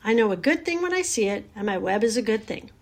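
A woman voicing a calm, wise female spider who talks in a cool, collected, motherly way. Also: a little high, fast talker. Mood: firm, soothing.

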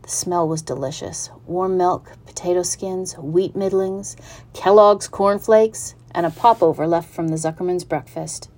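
A woman reading a children's storybook aloud in an even, unhurried narrating manner. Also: fairly low pitch.

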